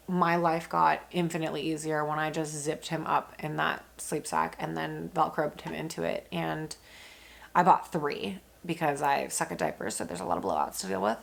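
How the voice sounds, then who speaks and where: A woman's voice: deep voice, creaky, a bit bright. A young woman, a new mother, chatting candidly in a casual vlog, full of fillers and the odd swear word.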